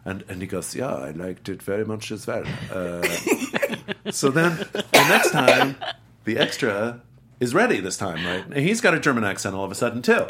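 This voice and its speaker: Against a noisy background, a middle-aged man with a low voice speaks at a moderate pace. He's a guest actor animatedly telling a casual anecdote, imitating the voices and accents of its characters.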